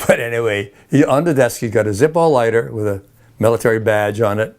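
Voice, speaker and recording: A man's voice: on the low side, fairly quick. An older man being interviewed, rambling through old army stories with frequent chuckles and restarts. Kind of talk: oral history interview.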